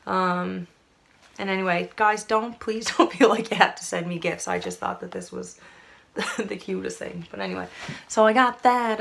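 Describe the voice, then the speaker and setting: A woman's voice: medium pitch, creaky, fairly bright tone, slight background noise. A young woman from Canada, chatting to camera in a rambling, casual way full of fillers. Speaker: vlogger.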